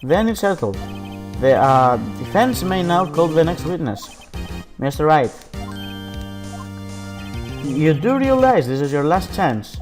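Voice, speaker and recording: A man playing a fussy old judge who stumbles and hesitates, his pitch rising and falling. Game music runs behind. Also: big pitch swings. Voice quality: hesitant, halting. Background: background game music.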